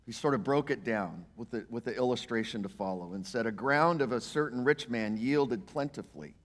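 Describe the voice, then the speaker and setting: A male pastor, preaching a sermon in an emphatic, animated way and voicing the quotes he reads. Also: mid-range voice, a little fast. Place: church sanctuary. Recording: church hall reverb.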